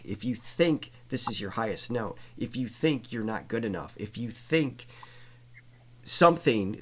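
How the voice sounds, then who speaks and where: A male vocal coach hosting a live reaction stream, chatty and animated, laughing easily as he explains singing at length. His voice sits in a middle register. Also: medium pitch.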